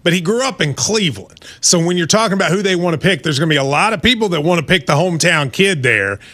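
A man hosting a sports talk show, asking quick questions, teasing his co-host and steering from game to game. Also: on the high side, lively intonation, bright, forceful tone.

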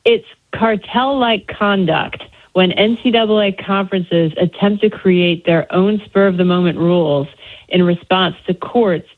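Woman reporting over a tinny phone line. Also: on the low side. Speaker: sports reporter.

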